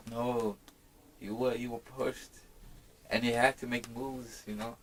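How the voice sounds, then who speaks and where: Halting, reflective South African man. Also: mid-range voice, flat delivery, slight background noise, low-quality recording. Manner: reflective, halting, with many restarts and fillers. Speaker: hip-hop artist. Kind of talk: casual interview.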